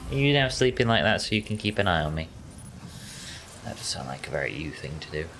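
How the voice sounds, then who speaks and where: A man's voice: deep voice, sing-song, fairly quick, fairly bright tone, slight background noise. A man, casually chatting to viewers while playing a game, dry and offhand. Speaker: gaming streamer.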